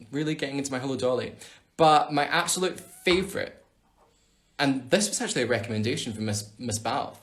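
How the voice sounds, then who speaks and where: Holding a casual live Q&A on his phone, a Scottish man chats playfully and reads out viewer questions. His voice sits on the high side with a fairly bright tone, as he answers his fans' questions on the livestream.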